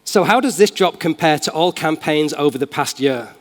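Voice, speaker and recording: Man, Manchester accent, keynote speaker, enthusiastic and casual, slightly high voice, long hall reverb. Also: lively intonation, normal speed. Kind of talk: live tech demo talk. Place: large conference hall.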